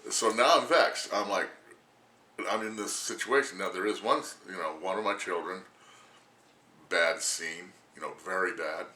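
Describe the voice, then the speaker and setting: A man's voice: low-pitched, normal speed, bright, forceful tone, echoey room. A man in his sixties ranting casually to camera, rambling and crude, laughing often as he talks. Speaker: vlogger.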